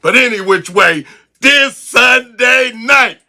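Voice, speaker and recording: Gravelly, bright-voiced hype man. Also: very high-pitched, lively intonation, slow pace. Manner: rhyming, sing-song hype delivery. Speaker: host. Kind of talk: hyped sports-betting talk.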